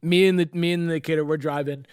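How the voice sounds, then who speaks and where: A man's voice: on the high side, fairly even intonation, fairly quick, clean tone, no room sound, studio quality. A young man on a podcast telling rambling, laugh-filled stories in casual chat. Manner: rambling storytelling, laughs often. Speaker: podcast co-host.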